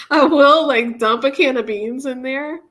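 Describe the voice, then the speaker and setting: A woman participant in a casual online group chat, chatty and quick to laugh. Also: high voice, fairly bright tone, slight background noise. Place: video call.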